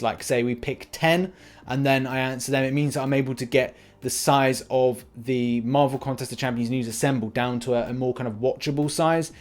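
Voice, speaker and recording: A young man hosting a gaming channel, chatting casually as he reads out viewer comments and answers them, with plenty of restarts and fillers. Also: medium pitch. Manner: rambling, frequent restarts and fillers.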